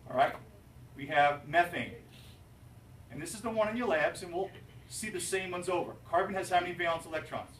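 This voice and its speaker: A male chemistry teacher lecturing his class, animated and jokey, asking students questions. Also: sits high, fairly quick, slight background noise. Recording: roomy, distant classroom recording.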